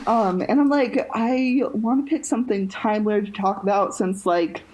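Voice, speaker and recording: A woman's voice: mid-range voice, steady tone, normal speed, darkish tone, a little hiss or hum, rough recording. A young woman co-hosting a podcast in casual chat, rambling with lots of fillers and restarts. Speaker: podcast co-host.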